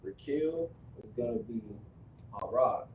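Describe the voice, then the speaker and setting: A man teaching script and pronunciation in a slow, repetitive lesson, often stopping to correct himself. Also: mid-range voice, slight background noise. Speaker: language teacher. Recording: distant, dull, echoey room recording.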